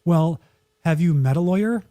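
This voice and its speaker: A man's voice: a little high, normal speed, mellow. A man co-hosting a podcast, chatting casually with wry opinions and acting out quotes. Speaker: podcast co-host.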